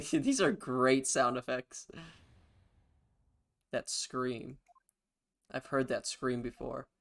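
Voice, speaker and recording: A man's voice: medium pitch, extremely slow, fairly bright tone. A man streaming a game, casual and profane, joking between reads. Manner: profane, joking, bursts into laughter. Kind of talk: casual live-stream commentary.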